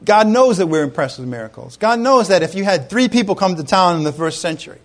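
High-voiced man preaching conversationally. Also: fast talker. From Rhode Island. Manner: conversational, animated storytelling with asides to the congregation. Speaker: pastor. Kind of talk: sermon.

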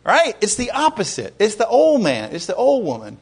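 A pastor preaching a sermon in a conversational way, asking his congregation questions and rising to loud exclamations. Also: high voice, wildly swooping pitch, normal speed, husky.

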